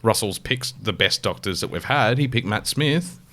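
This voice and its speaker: An Australian man chatting on a podcast in a slightly low voice. He rambles enthusiastically, restarts often, and swears casually. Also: expressive, moderate pace, bright, forceful tone. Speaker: podcast co-host. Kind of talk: casual chat.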